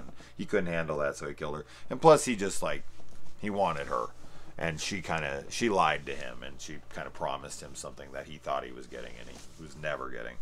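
A man with a deep, low voice talks through a film review in a loose, unscripted way. He rambles, fills gaps with "um" and "like", and swears freely as he gets worked up. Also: normal speed. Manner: profane, excitable, rambling with fillers. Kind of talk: casual spoiler discussion.

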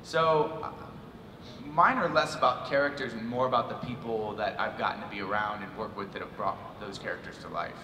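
A man's voice: lowish voice, steady tone, a little fast, bright, forceful tone, a little hiss or hum. A man, a voice actor on a convention panel, rambling casually with restarts. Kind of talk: casual storytelling, self-interrupting. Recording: echoey convention hall, mic from far off.

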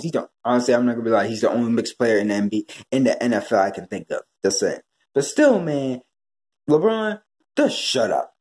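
Exasperated profane ranting man. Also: on the high side. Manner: profane, exasperated, swings between yelling and mutters. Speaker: commentary vlogger. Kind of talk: ranting commentary.

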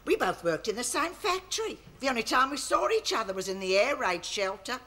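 A woman's voice: on the high side, very animated, a little fast, sharp tone. An actress playing a fussy older mother in a 1970s sitcom, with a fussing, shushing way of talking. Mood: soothing. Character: fussy older mother, doting on her son. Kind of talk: 1970s studio sitcom acting.

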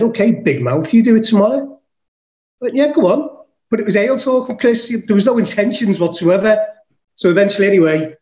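A man's voice: sits high, darkish tone, roomy sound, muffled recording. Man telling a rowdy, swear-filled story. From England. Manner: swears casually, acts out his own quotes. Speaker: podcast guest. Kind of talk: animated storytelling.

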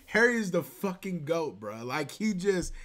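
Excitable male reaction host, high voice, rambling slangy delivery. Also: normal speed. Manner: hyped, rambling, heavy on "like" and "bruh".

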